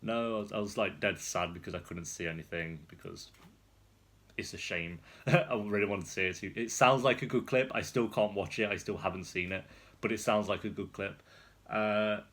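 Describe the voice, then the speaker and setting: A man's voice: fairly low pitch, moderate pace, a bit bright. A young man vlogging casually, telling a rambling story with frequent laughs while seated indoors. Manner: rambling, chatty, laughs often. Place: seated indoors on a rolling chair.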